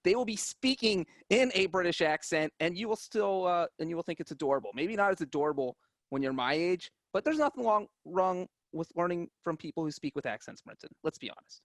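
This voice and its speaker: A man with a high voice co-hosts a sports podcast in relaxed chat. He pushes back with wry, defensive asides. The sound is close and dry. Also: brisk, no room sound. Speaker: podcast co-host. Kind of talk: casual chat.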